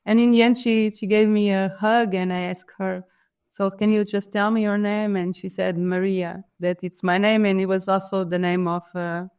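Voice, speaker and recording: A woman with a Portuguese accent speaks in a smooth, clear voice. She tells her story thoughtfully and hesitantly, full of fillers and restarts as she searches for words in a second language. Her pitch sits in the middle for a woman. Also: flat delivery, normal speed, darkish tone. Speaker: guest artist. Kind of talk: reflective storytelling in an interview.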